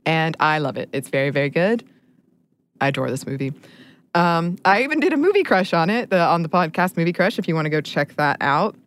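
A woman's voice: deep voice, big pitch swings, fairly quick. A woman co-hosting a podcast, chatting casually and laughing often. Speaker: podcast co-host.

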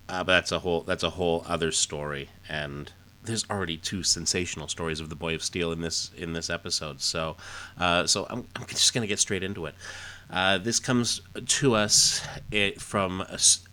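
A man's voice: sits low, pushed and bright. A man hosting a podcast, casually recapping an old comic book, rambling with lots of fillers. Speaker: podcast host.

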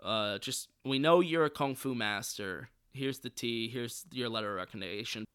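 A man's voice: mid-range voice, normal speed, a bit bright, smooth, no echo, studio quality, lightly acted. A man mockingly voicing a smug board chairman who speaks in a patronizing, falsely reassuring way.

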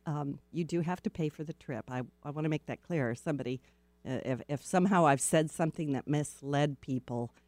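A woman's voice: low-pitched, no room sound. Upbeat woman radio host, dry studio sound. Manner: upbeat, spiritual, talks to listeners directly. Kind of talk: chatty on-air announcements.

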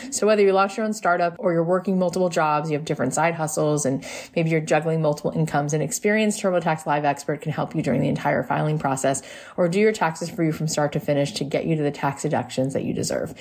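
A woman reading a sponsor advertisement in a brisk, upbeat way. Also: deep voice, darkish tone. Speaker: ad reader.

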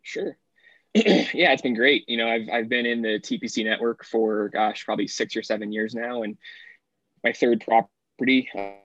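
A man's voice: medium pitch, normal speed, fairly bright tone, no room sound, muffled recording. A man being interviewed as a golf professional, explaining steadily with frequent fillers. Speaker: assistant golf professional, guest. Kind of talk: casual podcast interview.

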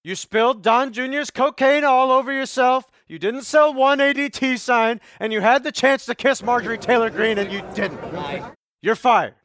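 A man voicing a brash, self-absorbed young male cartoon reporter who yells and bosses his assistant around. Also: moderate pace. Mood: excited. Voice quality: high, yelling and bossy. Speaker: field reporter. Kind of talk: cartoon voice acting.

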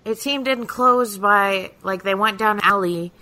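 A woman's voice: medium pitch, unhurried, sharp tone. A woman co-hosting a podcast, chatting casually and teasing with wry comments. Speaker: podcast co-host. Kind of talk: casual chat.

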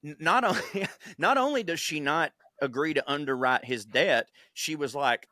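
A man's voice: a little high, lively intonation, moderate pace, pushed and bright, no room sound, studio quality. A man co-hosting a podcast, telling a history story in a loose, profane, rambling way and putting on silly voices for the people he quotes. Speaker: podcast co-host. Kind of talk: casual storytelling chat.

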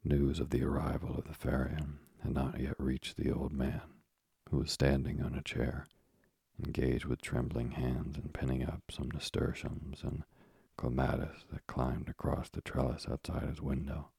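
A man narrating an audiobook in a measured, steady manner. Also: rumbling low, gravelly, slightly rough, no room sound, studio quality.

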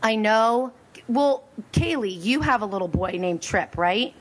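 A woman's voice: a little high, expressive, unhurried, slight background noise. A woman from Pennsylvania hosting a casual interview, bubbly and gushing, laughing often. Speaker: show host.

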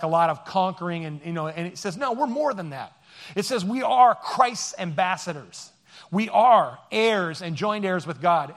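A man giving a conversational sermon as pastor, joking and rambling with many fillers. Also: sits high.

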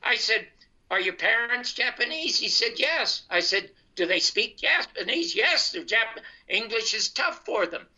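A man's voice: extremely high pitch, unhurried. An older man, a guest comedian, telling an anecdote over a video call and quoting the people in it. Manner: animated storyteller quoting others in dialogue. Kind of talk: storytelling anecdote. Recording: muffled internet call line.

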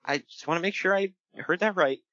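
Male podcast host, animated storyteller with a bright, dry close sound. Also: high voice, brisk, dry recording, muffled recording. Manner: animated storyteller, laughs often, breaks into voices. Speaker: podcast host recapping wrestling. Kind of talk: casual chat.

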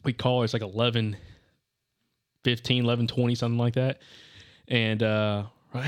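A man's voice: mid-range voice, level tone, moderate pace, pauses often, clear, resonant tone. Young guy telling a hunting story, lots of dude and like, just rambling along. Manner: rambling, says "dude" and "like" constantly. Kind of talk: casual storytelling.

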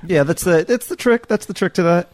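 A man co-hosting a comedy podcast, reading out a news story in halting bits. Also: high voice, darkish tone, dry recording.

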